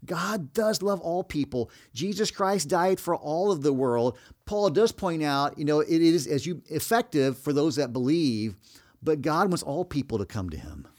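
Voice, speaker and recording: A male co-host reflects on a Bible passage in an even, conversational tone. He speaks with steady, thoughtful phrasing and a plain, mid-pitched voice. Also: normal speed. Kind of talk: Bible teaching discussion.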